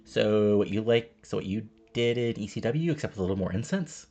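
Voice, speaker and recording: A man voicing an easygoing male wrestler who drawls in a relaxed, surfer-like way. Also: fairly low pitch, fairly quick. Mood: laid-back. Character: laid-back surfer-type male wrestler.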